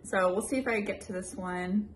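A young woman and mother chatting casually in a home vlog and reading a children's picture book aloud with lively sound effects. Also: medium pitch, moderate pace, very noisy. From United States. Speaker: vlogger, mother.

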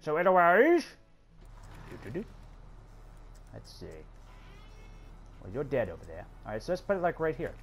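A man's voice: a little high, wildly swooping pitch, normal speed, pauses often, a little hiss or hum. Man swearing through a war game. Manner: exasperated, swearing, talking to game characters. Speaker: gameplay commentator. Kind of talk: let's play commentary.

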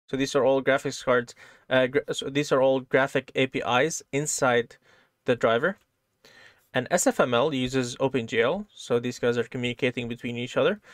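Clean studio sound with no room echo carries a man's mid-range voice as he teaches programming over screen share. He keeps things casual, explains each step, and checks in often with "right?".

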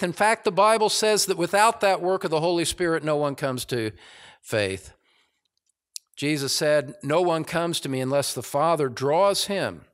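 A man with an American accent preaching a sermon as pastor, deliberate and emphatic, building in intensity. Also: a little high, lively intonation.

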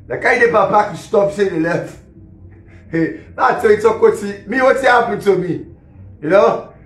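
A man's voice: sits high, a little slow. Man, Sierra Leonean Krio accent, rambling live-stream monologue; raised voice, reverberant room. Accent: Sierra Leonean Krio English. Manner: rambling, repetitive, laughs between lines. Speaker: musician and social media personality. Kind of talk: casual live-stream rant. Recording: echoey room.

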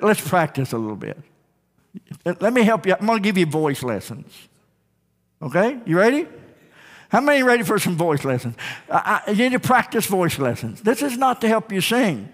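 Male pastor, high voice, emphatic call-and-response sermon, church reverb. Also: fairly bright tone. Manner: emphatic preaching with call-and-response, repeated phrases. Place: church sanctuary. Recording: long reverb of a church sanctuary.

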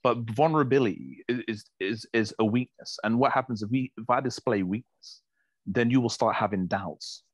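A man's voice: mid-range voice, moderate pace, no room sound. A man in a casual talk, blunt and provocative in his views. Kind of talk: casual chat.

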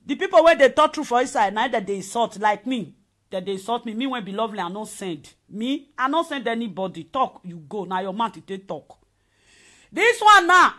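A woman from Nigeria with a Nigerian accent, delivering an impassioned rant on a live video. She swings between shouting and low muttering. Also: lively intonation, fairly quick. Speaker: returned migrant speaking out.

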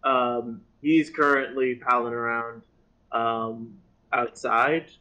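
A man narrating as game master in a relaxed tabletop session. He speaks at a slow, measured pace and sets each scene without hurry. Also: medium pitch, poor audio.

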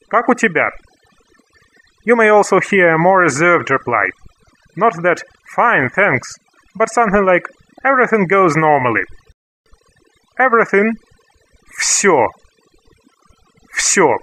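A man teaching a language lesson, slowly repeating each word for learners. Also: on the high side, sharp tone, low-quality recording. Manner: slow, careful repetition of words for learners. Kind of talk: scripted language lesson narration.

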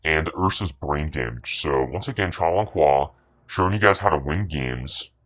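With a bass voice, lively intonation, a measured pace and a fairly bright tone, a man commentates on his own video game match. As a gaming commentator he is boastful and profane, trash-talking the other players with contempt and leaning on the same catchphrases again and again.

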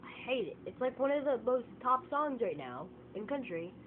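A woman's voice: on the high side, normal speed. A woman vlogging a casual, exasperated opinion rant to her phone camera, repeating herself for emphasis. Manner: animated, exasperated, emphatic repetition. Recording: tinny lo-fi phone audio with faint noise.

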